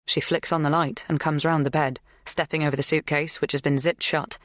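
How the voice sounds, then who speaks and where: An audiobook narrator reading a suspense novel with measured tension. The voice sits in a middle range. The recording is dry and close. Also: mid-range voice, little pitch movement, a bit bright, no room sound. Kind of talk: scripted narration.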